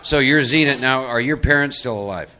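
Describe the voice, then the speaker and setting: A man leads a live workshop in a meeting room. His voice is bright and forward. He talks conversationally and coaxes audience volunteers into acting out roles. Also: mid-range voice, brisk, smooth. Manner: conversational, coaxing volunteers into role-play. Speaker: recovery workshop speaker.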